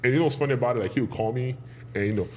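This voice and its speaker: A man's voice: mid-range voice, very fast, a little mellow, a little hiss or hum. A man from Nigeria, a guest wrestler on a podcast, telling easygoing stories in casual chat.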